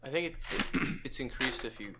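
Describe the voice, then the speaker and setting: A man plays in a tabletop game, cracking jokes and tossing in silly lines. Typing and clicks come through clearly behind his voice. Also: medium pitch, lively intonation, fairly quick, noisy background. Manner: jokey, throws in silly lines. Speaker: player. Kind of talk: casual tabletop play.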